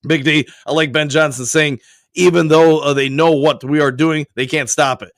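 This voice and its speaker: Male sports stream host, hoarse and deep from a cold, casual, reads out chat, dry close mic. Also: steady tone, moderate pace, no room sound. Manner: casual, reads viewer comments aloud and answers each. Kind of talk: live-stream sports talk.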